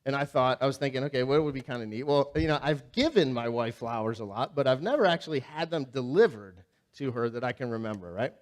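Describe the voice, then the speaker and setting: A man preaching a sermon as pastor, talking in a conversational, animated way, telling funny stories and asking the congregation questions. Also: mid-range voice, fast talker, few pauses. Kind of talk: sermon with humorous storytelling. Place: church sanctuary.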